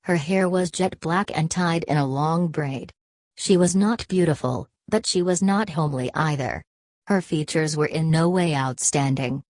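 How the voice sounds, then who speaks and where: A woman reading a first-person story aloud in an even, measured way. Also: deep voice, no room sound. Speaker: audiobook reader. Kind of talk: first-person audiobook narration.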